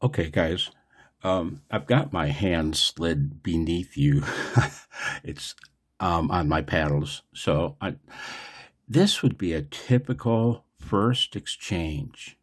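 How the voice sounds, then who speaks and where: A man's voice: low-pitched, slow pace. A man in a casual, rambling vlog, explaining radio operating in a chatty, digressive way.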